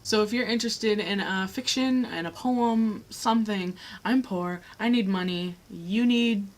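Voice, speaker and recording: A woman's voice: medium pitch, unhurried, low-quality recording. A young woman talking frankly to camera in a personal vlog, earnest and blunt, with occasional swearing. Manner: frank, earnest, swears, rising heat when making a point. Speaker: vlogger.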